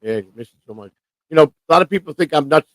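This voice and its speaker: A man's voice: fairly high pitch, lively intonation, fast, no echo, low-quality recording. Rambling man in easy stream chat. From Chicago. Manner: rambling, repeats himself, trails off. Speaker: co-host. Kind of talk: casual live-stream chat.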